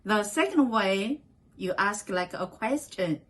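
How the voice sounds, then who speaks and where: A woman teaching a beginner language class, slowly repeating short phrases for learners. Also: medium pitch, animated, fairly bright tone, breathy edge.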